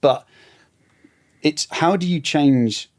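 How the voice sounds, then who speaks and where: A man, a podcast guest talking reflectively and haltingly, often trailing off. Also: a little high. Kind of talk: casual conversation.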